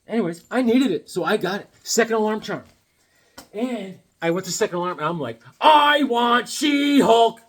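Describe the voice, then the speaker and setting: A comic book vlogger rambles casually about his comics, tossing out corny one-liners in a comedic chat. His voice sits high, moves fairly quickly, and has a breathy edge.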